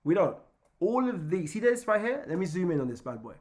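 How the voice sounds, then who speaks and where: Male trading coach, lively and chatty, slightly higher voice, keeps checking in. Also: fairly quick. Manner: energetic, keeps checking in with "right?"; repeats and restarts words. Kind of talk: live online trading lesson.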